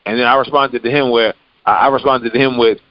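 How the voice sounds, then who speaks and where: A man's voice: medium pitch, quick pace, muffled recording. Man telling a story on a podcast. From United States. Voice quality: relaxed, rambling with many fillers. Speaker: podcast host. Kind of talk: casual storytelling.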